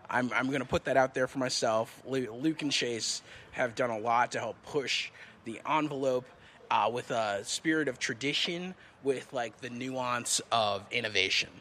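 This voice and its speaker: Bright guy, kinda rambly and earnest, faint hiss behind. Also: medium pitch. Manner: rambling, many ums, earnest. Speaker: guest. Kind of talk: casual chat.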